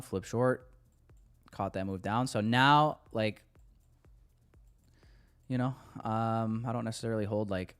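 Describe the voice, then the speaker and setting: On his live stream, a day trader offers casual commentary and loose, joking banter with viewers, now and then swearing. His voice is on the low side and clean-toned.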